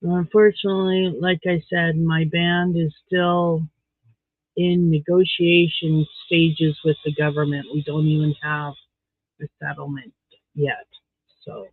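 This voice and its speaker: A man's voice: fairly high pitch, completely flat delivery, a little slow, dry recording. A man from Canada chatting casually on a livestream while beading, giving blunt, candid opinions. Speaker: livestream host. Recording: tinny phone-like dry sound.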